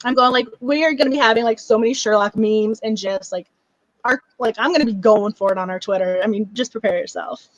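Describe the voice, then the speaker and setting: Young woman, high voice, bubbly book club host, dry close recording. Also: a little fast, dry recording, lo-fi sound. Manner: bubbly and gushing, with frequent laughs and fillers. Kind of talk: casual live stream chat.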